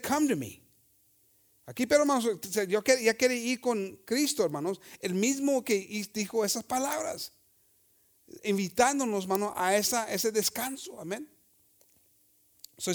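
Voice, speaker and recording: A pastor with a rather high male voice preaches in a bilingual sermon. He draws out scripture verses slowly, then drops to a low, soft finish as each thought ends.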